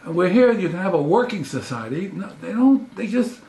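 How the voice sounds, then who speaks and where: A man's voice: high-pitched, sing-song, normal speed, vocal fry, a little mellow. An older man, a professor giving a lecture, emphatic and full of rhetorical questions. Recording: roomy echo.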